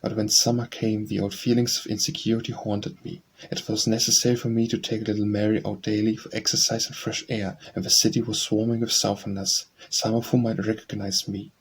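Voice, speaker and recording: A man narrating an audiobook memoir in a measured, even reading. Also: on the low side, slight background noise. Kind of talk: scripted narration.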